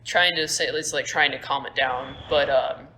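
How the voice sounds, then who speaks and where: A woman's voice: very deep voice, fairly even intonation, moderate pace, bright, forceful tone, slight background noise. A young woman narrating a tabletop game as game master, casual and rambling, recorded on a phone at school. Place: school room.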